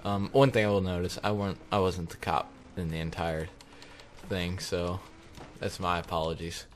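A man's voice: sits low, fairly even intonation, normal speed, a little hiss or hum. A young man hosting a casual gaming video, rambling with lots of ums and uhs and laughing easily. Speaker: gaming YouTuber host.

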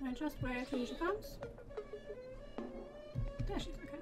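A woman's voice: sits high, very animated, unhurried. A woman playing a horror game and commenting, nervous and jumpy, laughing and squealing repeated panicked no's over the game music. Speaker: let's play gamer.

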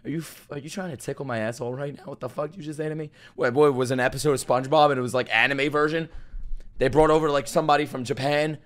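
A man's voice: medium pitch, fairly even intonation, quick pace. A man hosting a first-time reaction video, swearing in disbelief and breaking into laughter as he comments. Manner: profane, incredulous, bursts of laughter. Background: faint music from the clip he is watching.

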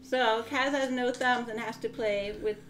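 A woman playing a clawed alien from Pluto who talks about itself in the third person, joking deadpan. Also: a little high, unhurried, soft background music, natural voice. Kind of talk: character introduction in a board game.

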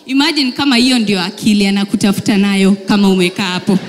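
A woman doing stand-up comedy in an animated, teasing way, mixing in English phrases. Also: medium pitch, quick pace, big-room sound, background noise.

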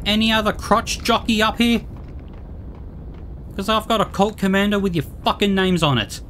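A woman's voice: medium pitch, steady tone, normal speed, fairly bright tone, slight background noise. A woman giving let's play commentary, ranting and swearing at enemies in exasperation. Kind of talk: gameplay commentary.

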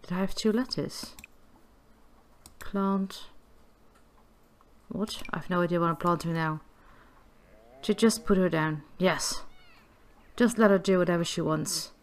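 A woman's voice: fairly low pitch, measured pace, long pauses. A woman giving casual gameplay commentary, chatty and giggly, cooing affectionately at the characters on screen. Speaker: gameplay video creator.

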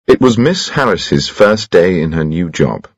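A man narrating an audiobook in a measured, expressive storytelling manner. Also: low-pitched, breathy edge, no echo. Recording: dry, slightly dull lo-fi.

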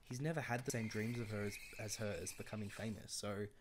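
A woman's voice: extremely low pitch, fairly even intonation, fast talker, noisy background. A woman giving casual, wry let's-play commentary, chatting to the game characters as she plays. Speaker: gameplay commentator.

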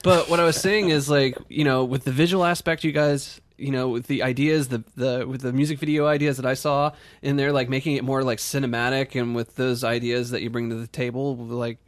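Man hosting a podcast, mid-pitch, dry close sound, jokey and laughing. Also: fairly even intonation, a little fast, few pauses, no room sound. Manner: friendly, joking, laughs often between words. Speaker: podcast host. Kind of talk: casual podcast chat.

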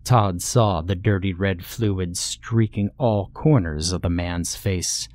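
Slow, low-voiced man narrating horror. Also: darkish tone, dry recording. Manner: measured, storytelling delivery. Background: faint background music.

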